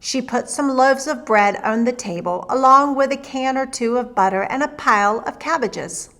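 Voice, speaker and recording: A woman storyteller narrating a folktale for children in a lively, expressive reading. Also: sits high, moderate pace.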